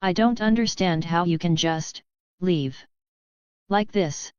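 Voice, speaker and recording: Woman reading a tense hurt young man, slow, deliberate, low voice, dry sound. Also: a little mellow, clean tone, dry recording, dull audio.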